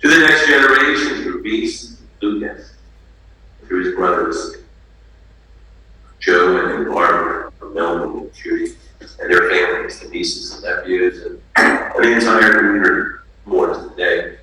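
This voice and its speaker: A man officiating a funeral service, reading out family names in a halting way with restarts. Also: low-pitched, bright, forceful tone. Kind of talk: funeral address. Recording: echoey room, distant mic, faint noise.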